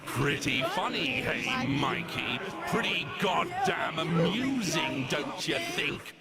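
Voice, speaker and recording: A man's voice: fairly high pitch, sing-song, slow, over loud music, exaggerated voice. An actor playing Legion, a grandiose ancient male villain who mocks and gloats, voiced in a video game cutscene. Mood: mocking. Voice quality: gravelly, theatrical and mocking. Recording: game audio with loud background noise.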